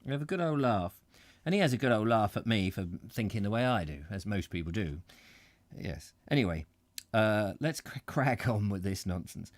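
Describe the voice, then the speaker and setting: A middle-aged man who reads aloud and keeps wandering off into chatty asides. His pitch swoops all over the place as he goes, and the recording sounds close and dry, with no room around it. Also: animated, moderate pace, no room sound. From Britain. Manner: rambling, self-interrupting, chatty asides. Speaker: reader and host. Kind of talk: live reading with chat comments.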